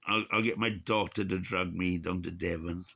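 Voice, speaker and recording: A man's voice: deep voice, fairly even intonation, normal speed, vocal fry, pushed and bright. A man in his sixties talks in a rambling, casual vlog monologue, chuckling and cursing, his speech slightly unclear from missing teeth. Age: 60s. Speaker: vlogger.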